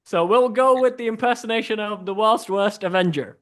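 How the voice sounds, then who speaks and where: Playful male improv host on a video call, slightly high voice. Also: fairly quick, a bit bright. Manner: playful, trailing off into laughter. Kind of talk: hosting an online improv game in costume persona.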